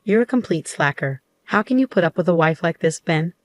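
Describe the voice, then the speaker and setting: A woman's voice: lowish voice, expressive, a little fast, lightly acted. A woman voicing a bossy, cruel old mother-in-law who barks orders and scolds in a commanding tone. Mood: scolding.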